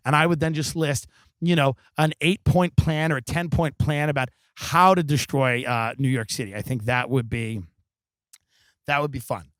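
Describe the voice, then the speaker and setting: A man's voice: fairly high pitch, normal speed, fairly bright tone, dry recording. A man hosting a comedy podcast, delivering a sardonic, profane rant from the backyard of a rental house. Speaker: podcast host. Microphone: studio microphone.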